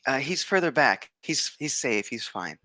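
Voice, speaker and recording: A man playing his character in a tabletop game, excited and stammering with restarts. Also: medium pitch, unhurried, dry recording. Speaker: player. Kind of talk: in-character tabletop role-play.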